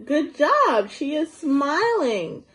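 A young woman teacher reading a storybook aloud to small children, slow and encouraging, asking them questions as she goes. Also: sits high, big pitch swings, fairly bright tone, poor audio. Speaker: preschool teacher.

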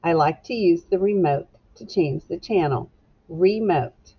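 In a recorded phonics lesson, a woman teacher slowly sounds out letters and words for children, clear and encouraging. Her voice sits on the low side, and the audio is dull.

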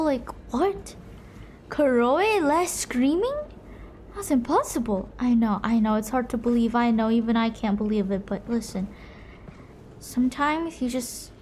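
A young woman streaming a game live, teasing her chat and breaking into shrieks and shouts. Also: high voice, slight background noise. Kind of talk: live gameplay commentary.

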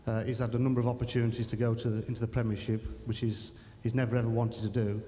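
A man answers questions on stage, earnest and slightly halting, circling back over the same points. His voice is flat and mellow. A long hall reverb and a faint low rumble surround him. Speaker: interviewed guest. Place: large civic hall, live event.

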